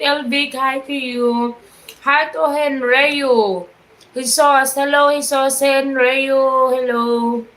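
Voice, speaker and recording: A woman with a Filipino accent chatting on a livestream, halting and repeating herself as she greets viewers mid-story. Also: high voice, a bit bright, slight background noise, rough recording. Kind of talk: casual livestream chat.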